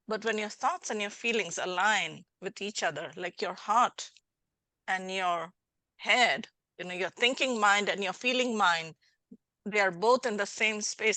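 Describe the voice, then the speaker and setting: A woman's voice: medium pitch, pushed and bright, dry recording. A middle-aged woman hosting a podcast as a life coach, talking animatedly and acting out little scenes in dialogue. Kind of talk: casual interview chat.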